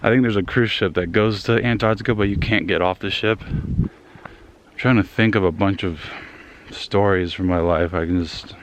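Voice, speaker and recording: A young man with a very low voice talks while he walks outdoors, slightly out of breath. He rambles, trails off and pokes fun at himself. A faint outdoor hush sits behind him. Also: moderate pace, a little hiss or hum. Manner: rambling, self-deprecating, trailing off. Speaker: vlogger. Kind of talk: casual rambling vlog. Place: outdoors in the woods, walking.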